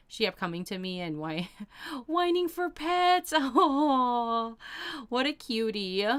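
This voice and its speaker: A young woman chats away on her stream, reading messages and gushing over them with lots of fillers. Her voice is bright and smooth, pitched a touch high. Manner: bubbly, gushing, lots of "oh my gosh" and "like". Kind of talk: casual chat.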